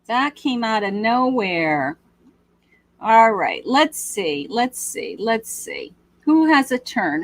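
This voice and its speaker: Female live-stream medium host, unhurried and tender, lots of fillers, raised pitch. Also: dry recording. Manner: slow, gentle, endearing, with many fillers. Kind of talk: live-stream reading to viewers.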